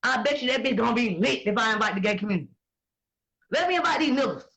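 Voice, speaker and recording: A woman, talking in blunt, profane and animated casual chat as host. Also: fairly high pitch, quick pace, breathy edge, poor audio. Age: 20s.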